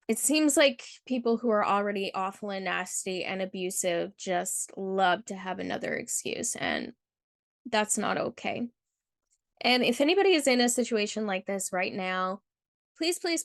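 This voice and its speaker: A woman's voice: medium pitch, gravelly, fairly bright tone, dry recording. Earnest woman host, dry close sound. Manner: earnest, heartfelt commentary with casual fillers. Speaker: channel host. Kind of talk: reading a viewer's story aloud and reacting.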